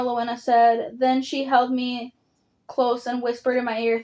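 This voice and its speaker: Woman audiobook reader, slightly high, even delivery, first-person storybook narration. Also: a little slow, low-quality recording.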